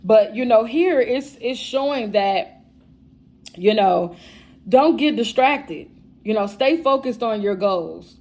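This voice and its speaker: A woman's voice: a little high, lively intonation, slow, darkish tone. A woman giving a channeled tarot reading, blunt and profane. She talks straight to her viewers as "y'all" with plenty of emphasis. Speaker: tarot reader.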